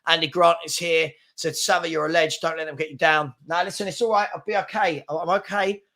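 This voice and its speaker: A man's voice: a little high, fairly even intonation, brisk, pushed and bright. A man, hosting a casual live football chat stream, reading out viewer comments in a chatty, rambling and self-deprecating way, tired from an early start. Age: 40s. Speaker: football channel host.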